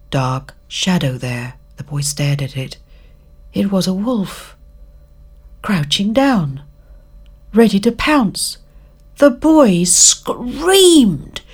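Slow, expressive woman storyteller. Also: lowish voice, husky. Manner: expressive, drawn-out reading. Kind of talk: storybook narration.

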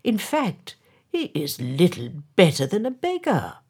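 A woman voicing a vain, pompous male town mayor in a loud, raised voice, in a storybook reading. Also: on the low side, wildly swooping pitch, unhurried, breathy edge, voice pushed up, heavily acted.

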